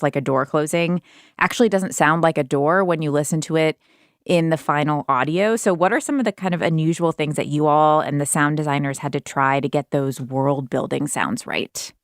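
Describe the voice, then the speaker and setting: A woman's voice: sits low, clean tone, dry recording, clean studio sound. A woman hosting a radio interview, asking curious, conversational questions. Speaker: host.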